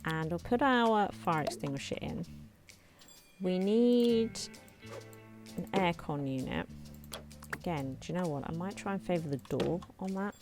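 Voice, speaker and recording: A woman hosting a let's play, chatting casually and thinking aloud as she builds, her voice slightly hoarse. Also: lowish voice, unhurried, music in the background. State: slightly hoarse, clearing throat. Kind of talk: casual gameplay commentary.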